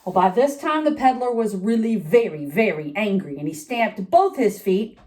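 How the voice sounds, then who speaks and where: A woman's voice: mid-range voice, animated, moderate pace, hardly any pauses, over music. A woman reading a picture book aloud to children, with chatty asides to her young listeners. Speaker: storytime reader.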